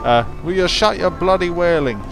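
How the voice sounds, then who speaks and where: Man putting on a stern woman tavern owner, brusque, quick and scolding, game music behind. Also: medium pitch, close to an everyday voice.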